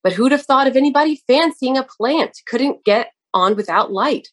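A woman's voice: sits high, lively intonation, normal speed, pitched above the performer's own voice. A woman reading aloud and voicing a kindly male nursery gardener who explains things earnestly to a lad. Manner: earnest, explaining, sometimes exclaiming.

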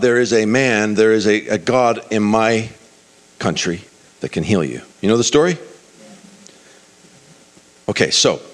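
Man preaching a story, full of restarts. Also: lowish voice. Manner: animated retelling with many restarts, acting out characters. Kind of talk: sermon storytelling.

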